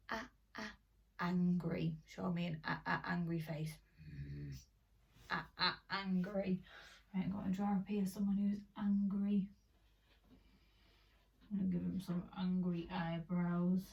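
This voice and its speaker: A woman teacher leading a lively, sing-song phonics lesson for young children. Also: medium pitch, vocal fry, recorded from a distance, lo-fi sound. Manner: animated, sing-song, encouraging. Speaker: primary school teacher.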